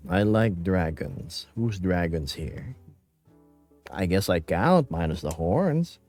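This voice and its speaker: Filipino guy streaming from home, light accent, playful rambly chat, slow but bouncy voice. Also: low-pitched, expressive, darkish tone, faint music behind. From Philippines. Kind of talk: casual live-stream chat.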